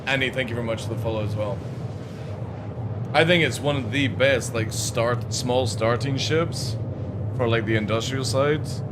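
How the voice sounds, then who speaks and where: A man's voice: medium pitch, moderate pace, noisy background. An English man streaming a game, chatting to his viewers in a rambling way and swearing freely. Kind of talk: casual live-stream chat.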